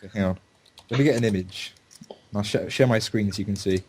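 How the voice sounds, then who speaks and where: Speaking fast in a voice on the low side, a man co-hosts a casual podcast through a computer mic, chatting, joking, swearing, and laughing often. There's a little hiss or hum in the audio.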